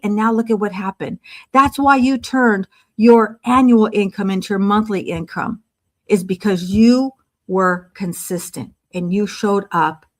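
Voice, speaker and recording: An older woman delivers a motivational talk to a panel audience over a video call. Her voice sits a little high, and she preaches emphatically, slowing down to land each key line. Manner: emphatic, preachy, drawn-out punchlines. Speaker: panel speaker.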